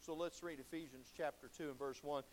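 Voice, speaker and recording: A man preaching a sermon in a church, folksy, swinging between loud exclamations and low, intense passages. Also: fairly even intonation, brisk, a little hiss or hum. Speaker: pastor.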